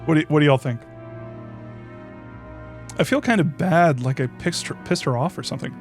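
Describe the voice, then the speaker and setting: A man's voice: on the high side, moderate pace, soft background music. A man streaming a visual novel, reading its text aloud and commenting casually, swearing freely and laughing often.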